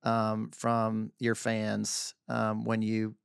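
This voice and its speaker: Guy hosting a podcast, smooth voice, dry close sound, kinda halting with ums. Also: lowish voice, monotone, dry recording. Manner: measured, halting questions with fillers. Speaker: podcast host. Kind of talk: interview.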